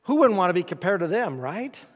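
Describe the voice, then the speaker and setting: A man's voice: sits high, sing-song, brisk, breathy edge. A man preaching a conversational sermon as pastor, folksy and asking the congregation questions in a church sanctuary. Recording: reverberant church hall.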